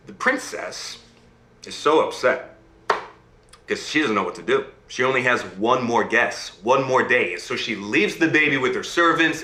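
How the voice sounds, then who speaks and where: A man tells a fairy tale live, his voice bright and forward as it swoops high and low for drama. He checks in with his listeners as he goes. The room has a noticeable echo with faint music underneath. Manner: lively, dramatic swings in pitch, asks listeners "right?". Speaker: storyteller.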